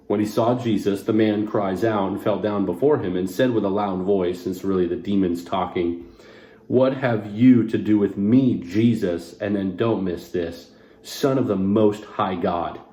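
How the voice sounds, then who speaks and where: A man's voice: sits low, normal speed, dark tone, echoey room. A man serving as pastor, teaching a short devotional on a Bible passage, earnest and conversational, putting scripture into casual everyday words.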